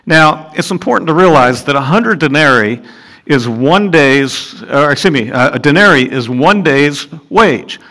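A man preaching a sermon and explaining scripture, earnest, asking his listeners rhetorical questions and rising in pitch and volume for emphasis. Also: animated, measured pace, bright, forceful tone.

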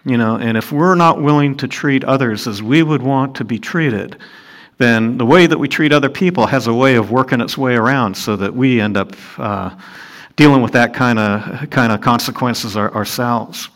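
A man preaching a sermon and explaining scripture, earnest, asking his listeners rhetorical questions and rising in pitch and volume for emphasis. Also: moderate pace, fairly bright tone.

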